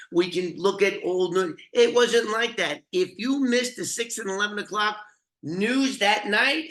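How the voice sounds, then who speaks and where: A man's voice: sits high, a bit bright. An older man, a former informant, telling a true crime story in a profane, rambling, conversational way. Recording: roomy echoey room.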